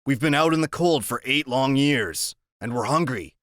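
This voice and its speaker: A man voicing a cold, controlling ex-convict father in an audiobook, speaking with quiet menace and command. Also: medium pitch, moderate pace, no echo, clean studio sound, close to an everyday voice. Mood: menacing.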